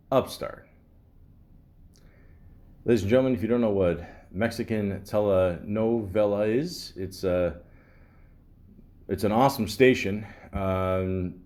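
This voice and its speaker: A man's voice: on the low side, a little mellow. A man hosting a podcast, reading a script with sarcastic, joking asides. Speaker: podcast host.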